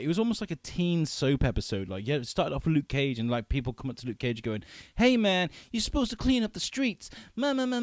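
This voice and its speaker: A man talking as a guest on a podcast, telling stories in an animated way, acting out quotes and swearing freely. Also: medium pitch, no room sound. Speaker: filmmaker guest. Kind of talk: casual podcast chat.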